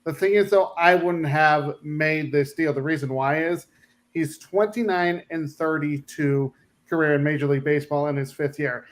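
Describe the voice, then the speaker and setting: A man on a sports talk panel, laying out contract figures and stats in a measured way. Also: a little high, steady tone. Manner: measured, numbers-focused.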